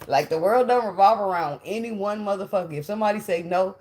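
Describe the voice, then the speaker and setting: A woman's voice: medium pitch, quick pace, background noise. A woman giving a casual tarot reading, blunt and profane, laughing often as she talks. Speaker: tarot reader.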